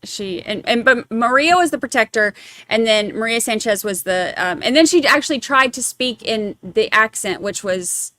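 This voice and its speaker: A woman's voice: on the high side, normal speed, bright, forceful tone, dry recording, clean studio sound. A woman hosting a true crime podcast, rambling in casual chat with many fillers. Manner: chatty, rambling, lots of fillers.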